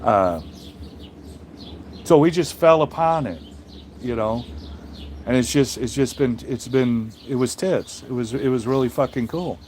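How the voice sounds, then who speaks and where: Man, casual livestream chat, rambling, blunt and foul-mouthed, mid-pitched voice. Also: a little slow, pauses often, darkish tone, slight background noise. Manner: rambling, profane, blunt, with frequent restarts. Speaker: trucker streamer reading chat.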